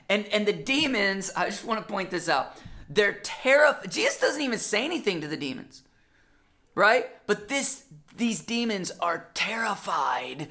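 Brief: lively conversational preacher, bright forceful tone, middle pitch. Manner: animated, conversational, acts out quotes. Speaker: pastor. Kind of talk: sermon.

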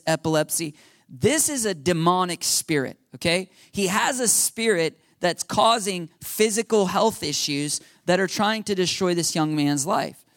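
A man's voice: a little high, no echo, studio quality. A man preaching a sermon in a conversational teaching style, often checking in with his listeners. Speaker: pastor. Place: church.

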